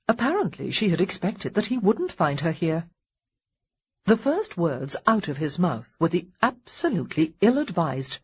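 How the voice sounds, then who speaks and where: Woman reading an audiobook, wry and expressive, lowish husky voice, kinda muffled audio. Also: normal speed. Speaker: audiobook narrator. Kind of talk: scripted narration.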